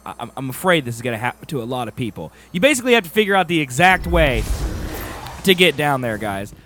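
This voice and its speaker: Wry, lively man narrating gameplay. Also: medium pitch, fast talker. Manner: casual, wry sarcastic asides. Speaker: game guide host. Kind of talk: gameplay walkthrough commentary.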